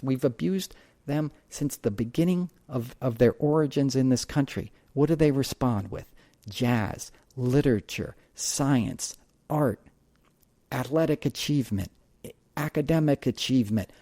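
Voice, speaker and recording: A man's voice: medium pitch, warm tone, no room sound. A man hosting a podcast, telling stories and talking politics in an impassioned, emphatic way, swearing freely. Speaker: podcast host. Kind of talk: casual political monologue and storytelling.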